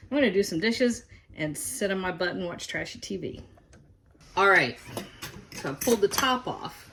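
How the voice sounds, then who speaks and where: A middle-aged woman walks her viewers through a home recipe in a chatty, folksy way. She sounds at ease in her own kitchen, with pans sizzling and clattering clearly behind her voice. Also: medium pitch, fairly bright tone, slight background noise, low-quality recording. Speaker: home cooking host. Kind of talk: casual cooking demonstration.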